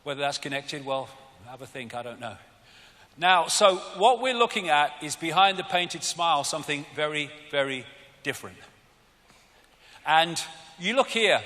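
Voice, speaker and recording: A British man giving a live arena talk, animated and mocking, often swearing. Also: a little high. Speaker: public speaker. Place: large arena. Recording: arena reverb with faint crowd.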